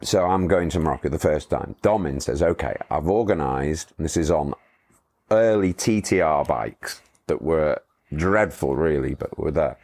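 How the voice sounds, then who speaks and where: Man, very low voice, middle-aged, chatty guest, rambling anecdotes with restarts. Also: normal speed, darkish tone. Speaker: motorcycle tour company owner, guest. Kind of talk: casual storytelling interview.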